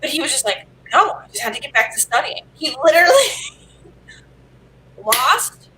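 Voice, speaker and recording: A woman in a casual video call chat, excitable and quick to laugh. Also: high voice, slight background noise, rough recording.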